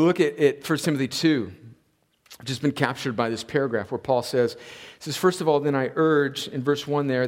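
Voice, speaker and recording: A man, preaching a sermon as a pastor. He builds to emphatic peaks and then drops into quieter, conversational asides. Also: medium pitch. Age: 40s. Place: church sanctuary.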